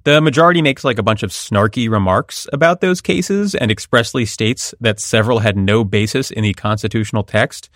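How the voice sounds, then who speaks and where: A man's voice: fairly low pitch, fairly quick, few pauses, a bit bright, no echo, studio quality. A man hosting a podcast, explaining a court ruling in a wry, conversational way. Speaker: podcast host. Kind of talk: legal analysis chat.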